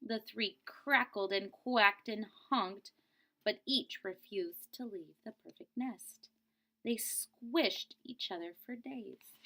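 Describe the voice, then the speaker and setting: A woman's voice: mid-range voice, takes it slowly, pushed and bright. A woman teacher reading a picture book aloud to children, expressively and stopping to explain word meanings. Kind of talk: read-aloud storybook lesson.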